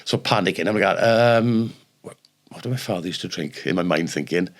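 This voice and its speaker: Man, Welsh accent, older, very deep voice, animated storyteller, podcast chat. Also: brisk. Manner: animated anecdotes, acts out the people in his stories. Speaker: podcast co-host, former rugby player. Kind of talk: casual storytelling.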